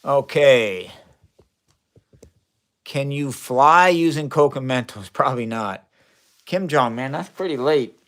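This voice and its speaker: His mid-range voice has lively intonation and a fairly bright tone, and he takes things slowly with frequent pauses. This Midwestern man is streaming casual science live from an indoor home chemistry lab, rambling good-naturedly and answering the chat. Sound is captured by a phone camera that he flips around as the stream goes on.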